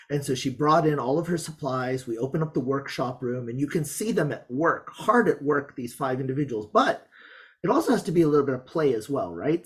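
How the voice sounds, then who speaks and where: A college teacher giving an online presentation about a student project, talking in a chatty, upbeat and enthusiastic way with asides. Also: medium pitch. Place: Montreal.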